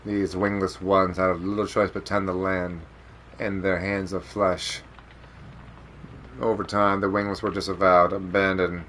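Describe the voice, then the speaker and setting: A solemn lore narrator for a fantasy game, put on by a man reading the text aloud. The voice drops well below his usual register. It rolls out ancient history in slow, weighty phrases. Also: low voice, level tone, a bit bright, slight background noise, voice pushed down.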